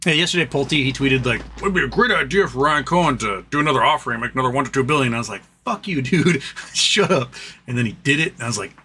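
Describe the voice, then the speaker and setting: A man's voice: medium pitch, very fast, hardly any pauses, pushed and bright, slight background noise. A man hosting a livestream from his home office, venting in frustration with swearing and frequent stumbling restarts. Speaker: livestream host.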